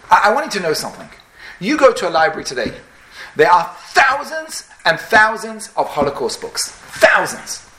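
High-voiced, bright rabbi preaching. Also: male voice. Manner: storytelling, emphatic, dramatic swings. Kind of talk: sermon. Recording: echoey room.

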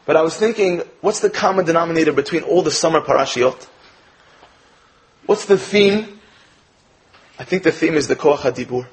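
An American man giving a sermon-style Torah talk, telling a joke with animated quoted lines before turning to his lesson. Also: fairly high pitch, moderate pace, pauses often, low-quality recording. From United States. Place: speaking in England.

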